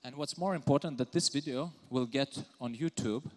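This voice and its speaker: A man's voice: medium pitch, normal speed. A man with an Eastern European accent giving a live conference talk, teasing and calling out members of the audience. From Lithuania. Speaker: conference speaker. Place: large conference hall. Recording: long hall reverb.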